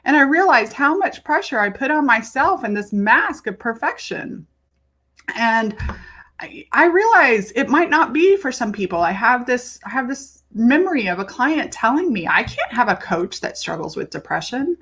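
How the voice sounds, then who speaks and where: A woman's voice: high voice, very animated, moderate pace, fairly bright tone. A woman coach talks openly to camera about her own struggles. She is frank and emotional, drops casual swear words, and slips into the voices of herself and her friends as she retells conversations. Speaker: leadership coach. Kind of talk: candid personal vlog monologue.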